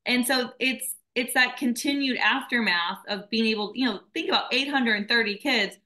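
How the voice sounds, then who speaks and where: Bright-voiced earnest woman guest. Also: a little high, normal speed, rough recording. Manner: earnest, emotional, warm storytelling. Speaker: nonprofit founder, guest. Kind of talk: casual interview talk.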